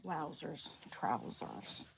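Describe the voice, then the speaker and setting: Livestreamer, female, lowish voice, unhurried, soft coos and whispers to her pet, casual chat with viewers, noisy home recording. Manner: coos and whispers softly to her dog, then chats loosely with viewers. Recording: clear steady background noise.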